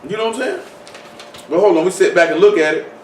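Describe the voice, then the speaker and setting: Speaking quickly with lively intonation, this man's high, somewhat dark voice carries an informal, conversational sermon packed with rhetorical questions and repetition. Slight background noise is present, and the mic sits far off in an echoey space.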